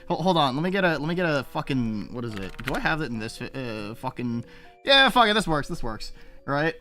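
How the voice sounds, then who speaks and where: Young male streamer, crude and rambling, bright lively voice with faint music underneath. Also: mid-range voice, normal speed. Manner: profane, rambling, reacting to chat. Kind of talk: casual live-stream chat.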